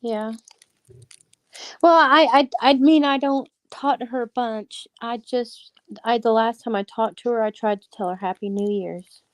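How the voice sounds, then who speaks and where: A woman with a slightly higher voice talks earnestly in a casual chat, rambling and restarting her sentences. The sound is close and dry, with no room echo. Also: a little slow, smooth. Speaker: stream guest.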